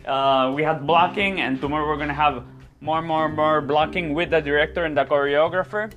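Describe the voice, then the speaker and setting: A man's voice: a little high, fairly even intonation, fairly quick, dull audio, over music. A man, a stage actor, chatting casually to his viewers, often repeating words and ending phrases with a questioning "yeah?". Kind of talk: casual vlog chat.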